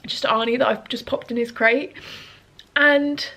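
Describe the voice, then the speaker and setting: Here the at-home vlogger, a woman in her 30s, has a sharp tone, a little high and a little slow, with fairly even intonation. Emotional and sniffling, she keeps up her earnest, rambling casual chat full of fillers.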